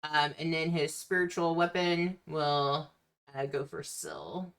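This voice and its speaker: Low slow woman dm, bright tone, laughs a lot while calling the rolls. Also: animated, smooth. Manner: unhurried, laughs often between rulings. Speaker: game master. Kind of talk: running a tabletop game.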